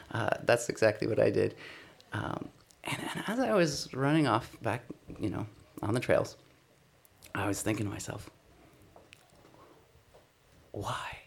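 A man's voice: fairly low pitch, animated, brisk, gravelly, breathy edge. A man giving a conversational sermon, telling a personal testimony in an earnest, self-deprecating way. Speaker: speaker sharing a personal testimony.

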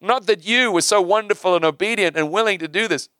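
A man's voice: sits high, fast, bright, forceful tone, clean tone, no echo, pitched above the performer's own voice. A man voicing God as he addresses Abraham in a sermon, speaking earnestly and emphatically.

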